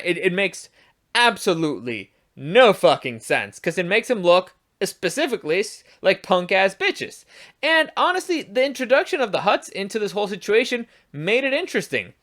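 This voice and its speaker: A man's voice: fairly high pitch, fairly bright tone. A man giving a casual, profane review of a show, rambling and restarting as he rants in exasperation. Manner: exasperated, ranting.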